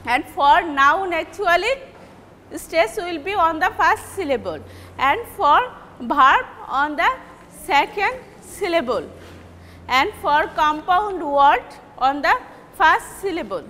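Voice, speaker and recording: A woman with a Bangladeshi English accent gives a classroom lecture on word stress, pausing often and repeating example words. Her voice is high and bright. The reverberant room carries a faint hum of ambience. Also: animated. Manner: slow, halting explanation with repeated example words. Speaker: English teacher.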